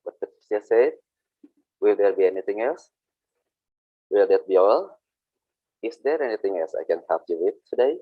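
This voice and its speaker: A man teaching workplace English online, explaining slowly with frequent hesitations and repetitions. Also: fairly low pitch, animated, husky, no room sound. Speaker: English instructor. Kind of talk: online vocational English lesson. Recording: dull lo-fi sound.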